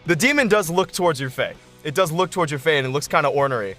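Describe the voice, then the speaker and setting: A man narrating a tabletop game as game master, relaxed and rambling with restarts. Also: a little high, fast, faint music behind.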